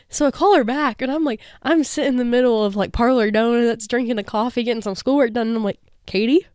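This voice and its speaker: Bubbly young woman cohost, highish voice, dry close sound, giggly and teasing. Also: no echo. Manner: bubbly, teasing, quick to laugh. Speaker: podcast co-host. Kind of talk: casual chat.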